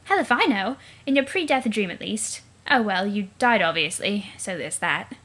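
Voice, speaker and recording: A woman's voice: medium pitch, lively intonation, moderate pace, fairly bright tone, pitched below the performer's own voice. A woman voicing a bubbly teenage alien sea princess who teases with fish puns. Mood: playful. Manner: fish puns, cheery, teasing.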